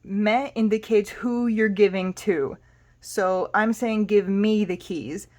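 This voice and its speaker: A woman's voice: mid-range voice, slow, darkish tone. Casting note: a female language teacher, patient, a mid-range voice, spells terms out. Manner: patient, spells words out letter by letter. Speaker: Spanish teacher. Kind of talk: explaining a language lesson.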